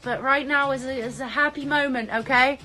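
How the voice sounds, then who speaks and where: A young woman from the UK chatting on a phone livestream, bubbly and excitable, reading out viewers' comments. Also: high-pitched, normal speed, faint music behind. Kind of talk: casual live stream chat.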